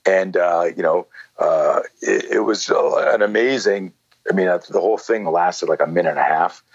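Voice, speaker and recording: A man in his sixties, a self-defense instructor, telling stories in casual conversation, rambling with many fillers and a husky voice. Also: low-pitched, moderate pace, dry recording, highs cut off. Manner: rambling, lots of "you know" and "like". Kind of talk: conversational storytelling.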